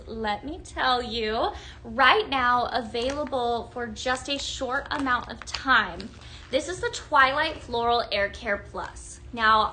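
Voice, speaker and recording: Woman, young, high-pitched, bright, gushing live sales host, chatty. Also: slight background noise. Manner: upbeat, gushing, chatty with viewers. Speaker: home fragrance product presenter.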